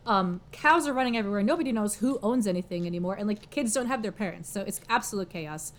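Chatty lady recapping a story, "like" and "um" every few words, laughs a lot, mid-pitched voice. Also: fast. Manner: chatty, heavy "like" and "um" fillers, laughs often. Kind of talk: casual plot summary.

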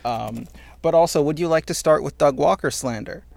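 Animated ranting man, dry close mic. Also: normal speed, gravelly, no room sound. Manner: animated, ranting, swears freely, gets loud and high when indignant. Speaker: podcast co-host. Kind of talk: casual podcast chat.

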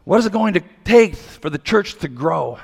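A male pastor preaching a sermon, telling a lively story and acting out the voices of the people in it. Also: high-pitched, normal speed, gravelly, breathy edge. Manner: animated, acts out quoted voices. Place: large church hall. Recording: long hall reverb.

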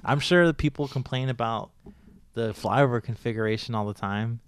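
A man's voice: mid-range voice, normal speed, a little hiss or hum. A man in casual chat, blunt and profane, given to ranting.

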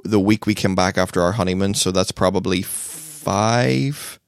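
Low-voiced man telling rambling stories. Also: unhurried, gravelly, dry recording, studio quality. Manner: rambling storyteller, swears casually. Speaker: podcast co-host. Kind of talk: casual chat.

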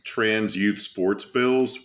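Sardonic, swearing man with a low voice. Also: very slow, a bit bright. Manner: sardonic, profane, laughs while talking. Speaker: podcast co-host. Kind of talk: casual political chat.

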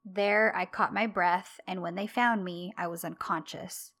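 A woman's voice: lowish voice, steady tone, a little slow, fairly bright tone. A woman co-hosting a podcast, chatting casually and animatedly as she retells TV scenes and acts out the characters' lines. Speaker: podcast co-host. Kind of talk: casual chat recapping a TV show.

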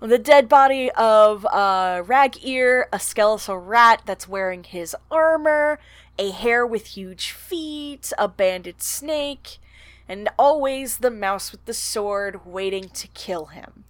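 A woman with a fairly high voice co-hosts a casual book podcast. She talks bluntly and swears freely. The sound is dry and close, with no room echo. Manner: blunt, swears freely, reads passages aloud. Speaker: podcast co-host.

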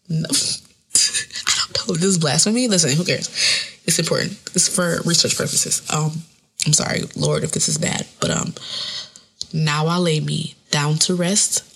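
A woman in her thirties, a podcast host, telling a funny story in casual, animated, profane speech with AAVE. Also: deep voice, breathy edge. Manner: animated, profane, laughs often.

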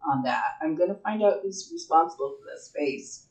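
A woman playing a tabletop game in character, earnest and playful, with a halting manner. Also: sits low, animated, low-quality recording. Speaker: player.

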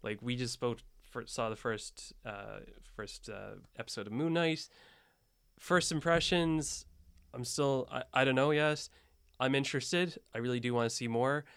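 A man chatting casually as a podcast co-host, relaxed and often laughing, with hesitant restarts. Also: medium pitch, unhurried, gravelly, clean tone, dry recording, studio quality. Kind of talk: casual chat.

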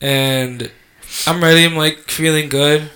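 A man telling a long story in casual chat, animated and profane, acting out the lines he quotes. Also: fairly high pitch, slow pace. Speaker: podcast co-host telling a story.

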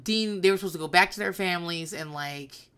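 A woman's voice: fairly low pitch, fairly quick, fairly bright tone, smooth. A woman in her thirties hosting a solo podcast, telling stories bluntly and profanely with a rambling, candid delivery. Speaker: podcast host.

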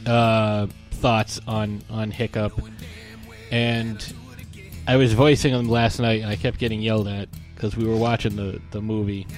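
A man's voice: lowish voice, little pitch movement, unhurried, faint music behind. A man co-hosting a podcast, ranting in a casual, irreverent and profane way. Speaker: podcast co-host.

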